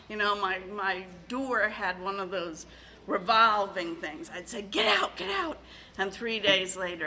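A middle-aged woman sharing her story at a recovery meeting, halting and full of fillers, emotional and tearful at times. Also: on the low side, bright, forceful tone, slight background noise, poor audio. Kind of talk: personal share at a recovery meeting.

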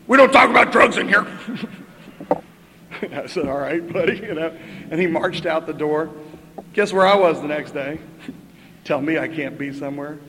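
An older man speaks in a fairly high register for a man, sharing his recovery story with dry humor and a conversational rhythm. His voice carries the long echo of a meeting hall, with faint room ambience underneath. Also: slight background noise. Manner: chatty, wry, punctuates with "right?" and laughs. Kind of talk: storytelling share at a twelve-step meeting.

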